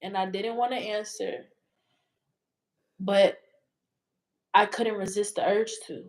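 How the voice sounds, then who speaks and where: A woman's voice: mid-range voice, fairly even intonation, takes it slowly, darkish tone. A woman telling a personal story as an interview guest, in a candid, rambling way that swears freely.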